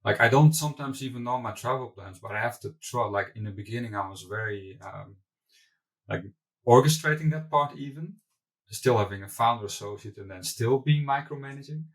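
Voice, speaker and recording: A man's voice: medium pitch, fairly quick. Man, interview guest, candid and loose, restarts often, somewhat distant from the mic. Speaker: company founder and CEO, guest. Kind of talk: conversational interview answers.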